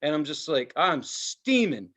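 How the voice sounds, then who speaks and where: A man's voice: on the high side, measured pace. A middle-aged man, a podcast co-host, telling a story in casual chat, heated and full of swearing. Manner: heated, profane, animated storytelling.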